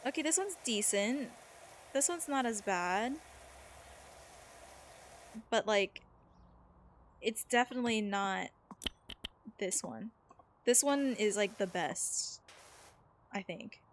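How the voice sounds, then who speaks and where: A woman's voice: medium pitch, expressive, slow, long pauses, slight background noise. A woman streaming a game, chatting casually with viewers in a rambling, filler-heavy way and reading chat messages aloud. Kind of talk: casual chat while gaming.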